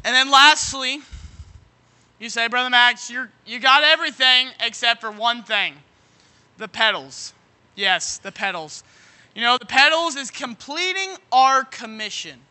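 A man preaching a sermon, leaning on folksy everyday examples and asking "you know what?" again and again, now and then breaking into shouts. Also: very high voice, measured pace. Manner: bursts into shouting at moments.

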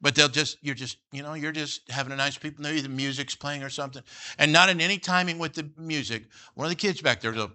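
Middle-aged man, pastor, preaching with folksy humor; slightly high, piercingly bright voice. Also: quick pace, a little hiss or hum. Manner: folksy and joking, peppered with "all right?" and "you know". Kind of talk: sermon.

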